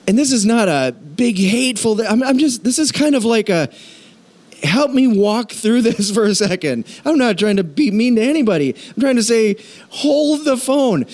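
Man, pastor, sermon, earnest, emphatic, conversational, high voice. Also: a little mellow.

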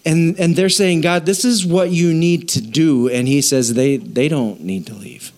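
A man's voice: fairly high pitch, a little slow. A man preaching a sermon in a casual, joking way, often asking his congregation questions. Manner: animated, jokey, asks the congregation questions. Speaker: pastor.

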